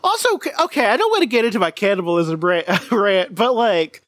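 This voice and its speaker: A woman in casual comedic podcast chat, rambling and animated, with playfully dark humor. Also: mid-range voice, a little fast, dry recording, studio quality.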